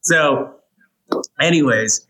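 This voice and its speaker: A man chatting as a podcast guest, telling a story with a bright, ringing tone. He is animated, and his voice leaps upward whenever he acts out what someone said. The talk is loose and casual. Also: extremely slow, poor audio. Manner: animated, jumps pitch when acting out quotes.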